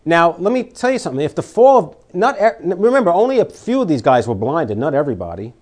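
A man delivers a sermon in a somewhat high-pitched voice. He reads scripture aloud and swings between loud, emphatic declarations and quiet warnings. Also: big pitch swings, fast. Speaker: preacher.

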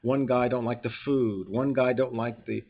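A man with a New York accent preaching, moving between reading verses aloud and talking them through with emphatic, everyday asides. His voice sits at a medium pitch. The recording is a little dull and lo-fi. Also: fairly even intonation, moderate pace. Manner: emphatic, reads scripture aloud then explains it conversationally. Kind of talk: sermon.

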